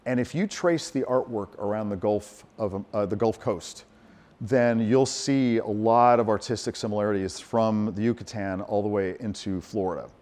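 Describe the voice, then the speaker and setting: A middle-aged man, a composer giving a lecture, telling stories in a lively, animated way, acting out quotes and restarting his sentences. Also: lowish voice, moderate pace. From United States. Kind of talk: lecture with audience Q&A.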